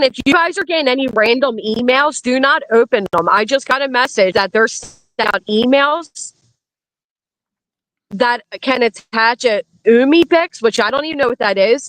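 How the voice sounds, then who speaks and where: A woman's voice: on the high side, fairly bright tone, no room sound, low-quality recording. A woman from Pennsylvania giving blunt, emphatic commentary on a casual live stream. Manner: blunt, emphatic, repeats warnings.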